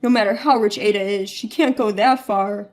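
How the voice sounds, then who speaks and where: A woman's voice: medium pitch, fairly even intonation, normal speed, soft background music, voice pushed down, lightly acted. A woman voicing an indignant, controlling middle-aged husband who blusters and gets defensive. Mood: flustered.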